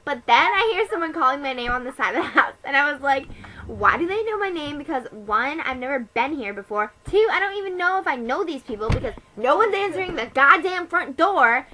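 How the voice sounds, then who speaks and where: Bratty teen gossip played by a teenage girl, high and bright, rambling and profane. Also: lively intonation, fairly quick, slight background noise, low-quality recording. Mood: snarky. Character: snarky ditzy teenage girl gossiping about a date. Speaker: comedy vlogger. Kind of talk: improvised comedy monologue.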